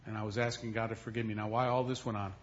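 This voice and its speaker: A middle-aged man preaching a sermon, telling a story with acted quotes, moving from loud to hushed. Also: fairly low pitch, little pitch movement, racing, highs cut off, slight background noise. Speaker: pastor.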